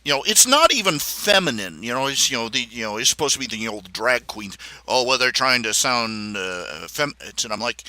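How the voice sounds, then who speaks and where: A man hosts a casual livestream while he draws, thinking out loud in a halting, rambling way. His tone is opinionated and sardonic, his pitch moves a lot, and the voice sounds very bright. The recording is close and dry. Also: sing-song, no room sound. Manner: rambling, halting, many fillers and restarts. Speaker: livestream host.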